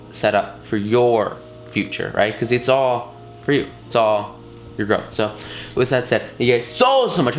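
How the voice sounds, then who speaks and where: A man's voice: medium pitch, fairly bright tone, reverberant. A man giving a casual, enthusiastic course lesson, talking in slangy bursts with many fillers and restarts. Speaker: course instructor.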